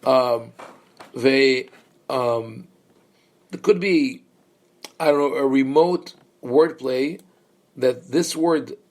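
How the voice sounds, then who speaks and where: A man's voice: mid-range voice, extremely slow, pauses often. A man, a rabbi, leading a Bible study lecture in a thoughtful, explanatory way, with many fillers and restarts and questions to his listeners. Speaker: rabbi teaching a class.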